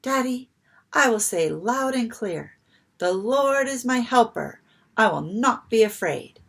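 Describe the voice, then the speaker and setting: A woman's voice: on the high side, lively intonation, slow, a bit bright, exaggerated voice. Anna, a woman voicing a timid little girl. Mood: earnest. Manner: earnest, growing brave. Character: small sleepy frightened little girl.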